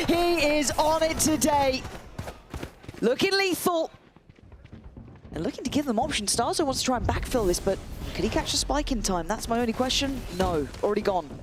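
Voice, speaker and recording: A man casting an esports match live, fast and excitable, shouting on big plays, his voice going hoarse. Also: very high-pitched, background noise. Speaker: play-by-play esports caster. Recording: loud game music behind.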